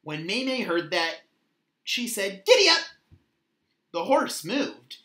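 Woman, storybook read-aloud, slow, lively pitch, echoey room. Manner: slow, expressive reading. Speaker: children's book reader.

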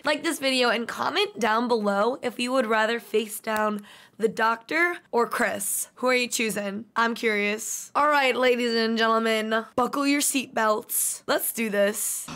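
A woman's voice: on the high side, fairly bright tone. A young woman streamer giving casual, jokey commentary while playing a horror game, often shrieking and taunting the enemies. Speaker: gaming streamer. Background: game music.

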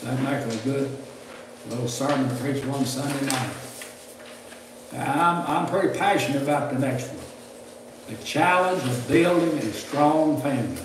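A man's voice: mid-range voice, unhurried. A man preaching a sermon in a folksy, storytelling way, often repeating his words, recorded in a church hall. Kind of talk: sermon lecture. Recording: echoey hall mic from a distance, faint noise.

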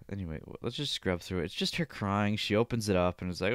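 A man's voice: lowish voice, expressive, fairly quick, a bit bright, dry recording, clean studio sound. A man hosting a podcast, ranting with exasperated, profane commentary about a video and mocking the people in it. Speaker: podcast host.

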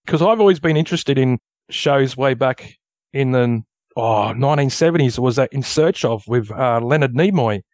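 An Australian man telling a story as a podcast guest, animated, acting out sounds and dialogue. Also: medium pitch, normal speed, dry recording, studio quality. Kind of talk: casual storytelling.

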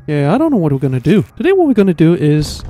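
Jumpy high-voiced man playing a horror game. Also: huge pitch swings, quick pace, dark tone, a little hiss or hum. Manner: jittery, jumps to high-pitched pleading when scared. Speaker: gamer. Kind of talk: horror game playthrough commentary.

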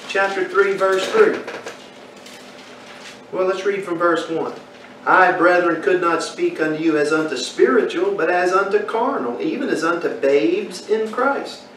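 Male Bible teacher, high voice, questions the class, recorded far off in an echoey room. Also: unhurried, fairly bright tone, slight background noise. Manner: asks the class questions, folksy storytelling.

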